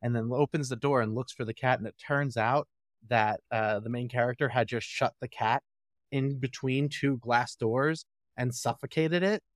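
A man's voice: mid-range voice, steady tone, normal speed, dry recording. A man co-hosting a podcast in casual chat, a joking, rambling storyteller on a close mic. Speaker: podcast co-host.

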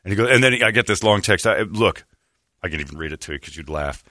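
Bright-voiced low male radio host. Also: fast, dry recording, studio quality. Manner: animated storyteller, acts out quoted voices. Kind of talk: casual storytelling chat.

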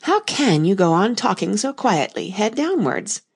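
A woman's voice: sing-song, a little slow, gravelly, breathy edge, exaggerated voice. A woman voicing a polite, curious young girl in an audiobook reading, lifting her voice for the part. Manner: polite, lightly pitched up.

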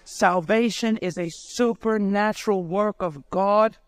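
A man's voice: high-pitched, takes it slowly, smooth, no echo. A man preaching a sermon, urgent and direct, pleading straight with his listeners.

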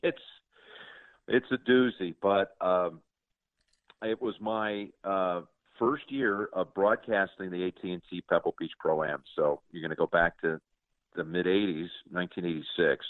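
Brief: broadcaster in his 60s, deep voice, halting storyteller, dry and close. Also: no echo. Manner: earnest, halting with many restarts. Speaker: interview guest, sports broadcaster. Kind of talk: casual interview storytelling. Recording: tinny dry phone-like line.

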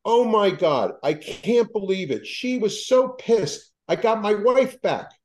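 A man's voice: high-pitched, takes it slowly, distant mic, voice pushed up. A man voicing an overjoyed middle-aged husband exclaiming on the phone, raising his voice well above his own. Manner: excited, exclaiming.

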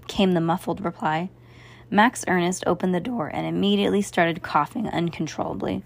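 A woman's voice: fairly low pitch, fairly even intonation, moderate pace. A woman narrating a storybook, often stumbling and restarting her phrases. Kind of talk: storybook reading.

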